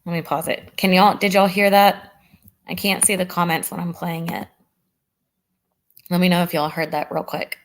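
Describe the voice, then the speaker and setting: A woman's voice: on the low side, level tone, normal speed, pauses often. Chatty woman hosting a livestream. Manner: chatty, warm toward chat, says "y'all" often. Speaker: true crime livestream host. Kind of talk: casual livestream chat with viewers.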